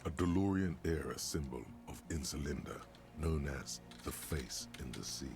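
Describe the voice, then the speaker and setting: Super deep gravelly game narrator voice, slow and dramatic, music loud behind. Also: male voice. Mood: ominous.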